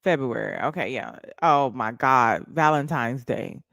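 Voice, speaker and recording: A woman's voice: extremely low pitch, very animated, a little slow, creaky, few pauses, a bit bright, dry recording, studio quality. A woman, livestreaming and chatting bluntly and mockingly to her viewers. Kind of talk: casual livestream chat.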